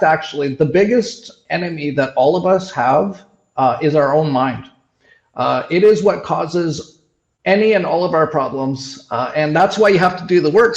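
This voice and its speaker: A man's voice: on the high side, creaky, roomy sound, highs cut off. A middle-aged man from Canada talking casually in an interview, rambling with many restarts and fillers. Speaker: show host.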